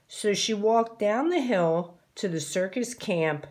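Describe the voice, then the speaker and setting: Slow, expressive woman reading aloud. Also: medium pitch. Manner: slow, clear, expressive storytelling. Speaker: read-aloud narrator. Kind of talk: children's picture-book read-aloud.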